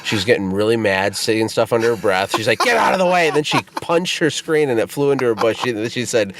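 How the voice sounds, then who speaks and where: A man co-hosting a casual podcast chat, telling stories in an animated way and laughing as he goes. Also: lowish voice, fairly quick, crowd noise. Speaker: podcast co-host and business founder.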